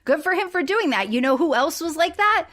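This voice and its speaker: A woman's voice: very high voice, animated, brisk, a bit bright. A woman co-hosting a podcast in casual chat, talking emphatically and restarting as she argues her point. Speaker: podcast co-host.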